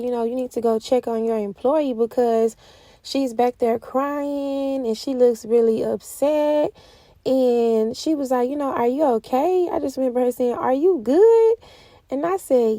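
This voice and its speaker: A young woman telling a casual spoken testimony in an animated way, laughing often. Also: sits high, no room sound. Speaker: Christian vlogger sharing a testimony.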